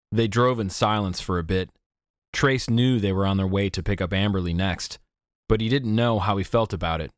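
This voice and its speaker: A man narrating a teen fantasy audiobook in an even, measured way. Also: sits low, no echo, clean studio sound. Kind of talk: scripted narration.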